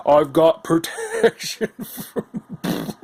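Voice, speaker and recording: A man voicing a dim, stubborn male cat-folk outlander who talks slowly and dopily. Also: very high-pitched, huge pitch swings, creaky, a little mellow, pitched above the performer's own voice, heavily acted. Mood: dopey. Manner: slow, dopey, stubborn.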